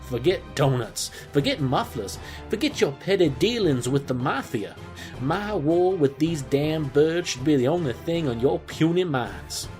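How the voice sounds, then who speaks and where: A pompous crusader rants with wild swoops of pitch, swearing vengeance on birds, as a man puts him on. His delivery is grandiose and theatrical, swinging from cheery to furious. Faint music sits behind him. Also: darkish tone. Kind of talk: improvised comedy character.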